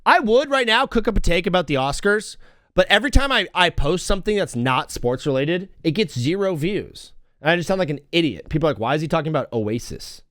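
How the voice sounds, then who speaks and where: Excitable young man hosting a talk show. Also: sits high, brisk, no room sound, clean studio sound. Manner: excitable, self-mocking, jumps between topics. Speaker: radio show host. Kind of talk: casual live talk show rant.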